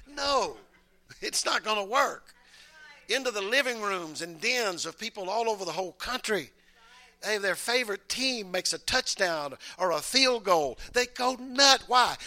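A man preaching a sermon as bishop, folksy and repeating himself, dropping to quiet asides and rising to loud shouted praise with calls of amen. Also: sits high, expressive, moderate pace. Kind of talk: Pentecostal-style sermon.

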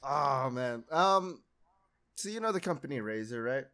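A man's voice: mid-range voice, animated, a little slow, bright, forceful tone. A young man hosting a casual podcast, rambling in a laid-back way and laughing often. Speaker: podcast host.

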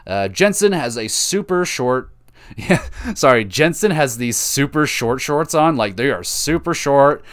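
Young male podcast host, smooth voice, casual profane rambler who spikes into excitement. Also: lowish voice. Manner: rambling, profane, self-mocking, swings from mumbled asides to excited calls. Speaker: podcast host recapping wrestling. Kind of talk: casual solo recap commentary.

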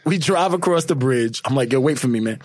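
Husky man telling a story. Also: medium pitch, a little fast, no room sound, clean studio sound. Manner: animated, laughing, acts out his own past lines. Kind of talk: casual storytelling among friends.

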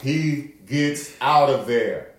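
A man's voice: mid-range voice, extremely slow. Laughing, profane man telling a story. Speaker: podcast co-host. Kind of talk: casual storytelling chat. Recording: echoey room with faint noise.

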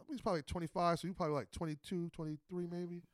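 A man hosting a casual podcast chat, an animated and profane storyteller. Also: sits high, racing, no room sound, clean studio sound. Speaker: podcast host.

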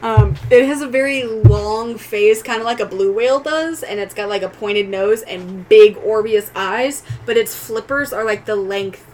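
A woman narrating as game master, describing scenes slowly and deliberately and often laughing. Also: medium pitch, darkish tone, slight background noise, low-quality recording.

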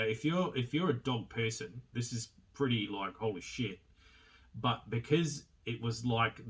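A man's voice: mid-range voice, a bit bright, distant mic. Casual, sweary man reviewing a film. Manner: rambling and sweary, with frequent fillers and laughs.

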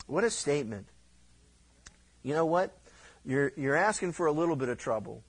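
High-pitched middle-aged guy preaching bible study, acts out god and the people in little voices. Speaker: pastor.

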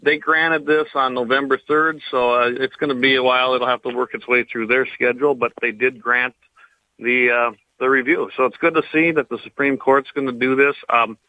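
A man's voice: mid-range voice, fairly even intonation, moderate pace, dry recording, phone-quality sound. A man co-hosting a gun talk radio segment, explaining court news with small hesitations.

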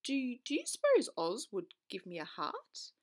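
A woman's voice: a little high, wildly swooping pitch, a little slow. A woman reading aloud, voicing a sad, polite, grateful man made of tin who stammers a little.

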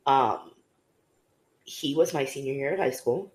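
Speaking at a measured pace, a young woman with a slightly mellow bass voice co-hosts a casual podcast conversation. Her storytelling is candid and loaded with fillers, and the room is noticeably echoey.

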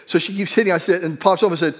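A man's voice: high-pitched, fairly even intonation, racing. A middle-aged man, a pastor, preaching a conversational sermon and telling a humorous personal story in an earnest, self-deprecating way.

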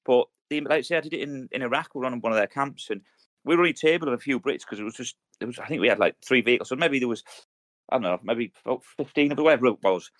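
A man in his thirties tells rambling army stories at a rapid clip, thick with slang and swearing. His voice sits at an ordinary pitch and is recorded close and dry, with no room sound. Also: a bit bright, no echo. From United Kingdom. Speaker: podcast co-host. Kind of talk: casual chat.

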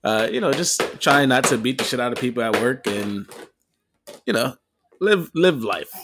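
A man's voice: mid-range voice, animated, normal speed. A man co-hosting a casual podcast, talking in a laid-back, hesitant way and swearing freely. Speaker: podcast co-host. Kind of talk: casual chat. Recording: noisy background.

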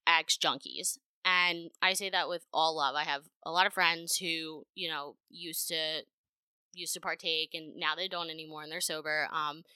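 A young adult woman hosting her own podcast, talking in a blunt, profane and animated way with frequent laughter. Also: on the low side, clean tone, no room sound. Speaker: podcast host. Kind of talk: casual solo podcast monologue. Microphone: home podcast microphone.

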